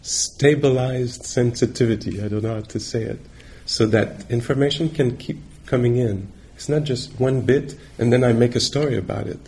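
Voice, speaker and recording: A male meditation teacher giving a dharma talk on retreat, gentle and reflective, pausing often as he searches for words. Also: medium pitch. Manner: halting, searching for words with many pauses.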